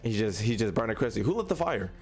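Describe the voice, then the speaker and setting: A man giving casual gameplay commentary as a gaming YouTuber, reacting excitably with jokes and slang. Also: fairly low pitch, fast talker, faint music behind.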